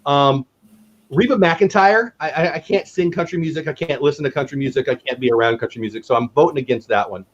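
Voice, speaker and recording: A man's voice: fairly high pitch, quick pace, highs cut off. A man in his fifties hosting a casual livestream chat, rambling and repeating words as he talks. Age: 50s. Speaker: livestream host.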